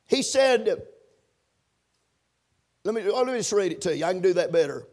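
A man preaching a sermon, punctuating his points with amens and building to shouted emphasis. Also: high-pitched, animated, normal speed, long pauses. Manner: preaching with call-and-response amens, rising to shouts. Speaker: pastor.

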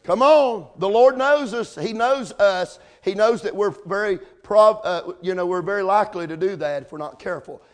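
A man with a strikingly high voice preaches with fervor, leaning into old-fashioned scripture wording. He drives his points home and climbs toward loud, emphatic peaks. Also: moderate pace, few pauses. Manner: quotes old-style scripture phrasing. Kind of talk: sermon.

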